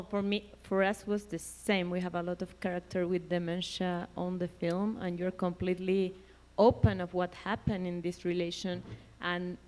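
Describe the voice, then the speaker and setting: A woman filmmaker on a festival panel, speaking in a measured, slightly halting way. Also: lowish voice, darkish tone. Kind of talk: panel discussion.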